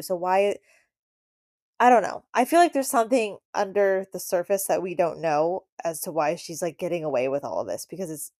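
A woman's voice: lowish voice, warm tone, dry recording, studio quality. A woman co-hosting a casual chat show, talking in a rambling, indignant way with many restarts. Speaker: podcast co-host.

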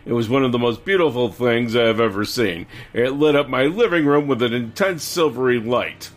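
A man co-hosting a casual podcast, reading stories aloud in a steady way and laughing along. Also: mid-range voice, normal speed, faint music behind.

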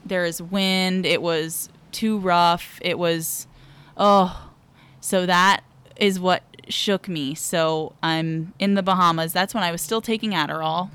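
A woman's voice: lowish voice, steady tone, unhurried, a bit bright, smooth. A woman guest on a podcast, telling a personal story frankly and vividly, holding nothing back.

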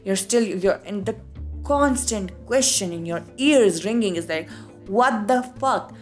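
Animated Indian woman telling a story. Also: medium pitch, a little slow, soft background music. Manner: animated, acts out both sides of quoted dialogue, frequent swearing. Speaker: podcast host. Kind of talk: casual solo storytelling.

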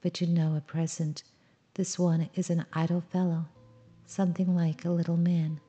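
A woman voicing a wise old female owl who gently scolds and teases a boy. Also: fairly low pitch, flat delivery, normal speed, faint music behind, close to an everyday voice. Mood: teasing. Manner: gently scolding, prim questions.

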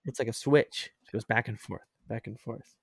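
Man, podcast host, rambling casual chat, mid-pitched, dry sound. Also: moderate pace, gravelly, husky, no room sound. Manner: rambling, chatty, laughs often.

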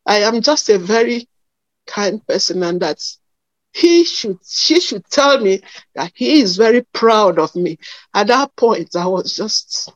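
Tearful woman, very slow and halting, dull dry lo-fi recording. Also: medium pitch, dry recording. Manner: slow, halting, emotional, with many fillers. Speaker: testimony giver. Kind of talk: emotional personal testimony.

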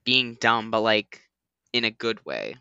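Male podcast host, bright clear voice, loose rambling chatter full of fillers. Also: lowish voice, sing-song, unhurried, no echo, highs cut off. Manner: rambling, heavy use of "like". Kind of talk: casual chat.

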